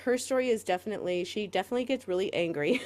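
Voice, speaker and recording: A woman co-hosting a podcast in casual chat, rambling with lots of "like" fillers and quick laughs. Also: mid-range voice, a little mellow. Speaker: podcast co-host.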